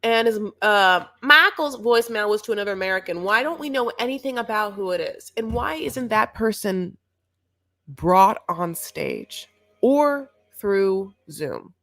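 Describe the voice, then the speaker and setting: A woman's voice: medium pitch, animated, measured pace, pushed and bright. A young woman co-hosting a TV recap show, chatting casually in a sarcastic, rambling way. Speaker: co-host of a reality TV recap show. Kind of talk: casual chat.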